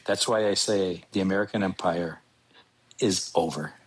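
Low husky-voiced guy laying out slow opinions on politics. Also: poor audio. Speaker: podcast co-host. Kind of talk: casual political commentary.

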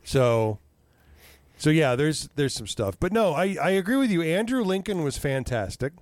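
A man chatting casually, telling animated stories, swearing freely and acting out what people said. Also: on the high side, normal speed, dry recording. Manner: animated storyteller, swears freely, acts out quotes. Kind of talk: casual chat.

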